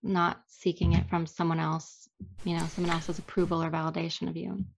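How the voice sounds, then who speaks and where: A woman's voice: on the low side, brisk, creaky, slight background noise. A young woman, an actress being interviewed, talking casually and laughing easily at herself. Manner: animated, self-deprecating, laughs often.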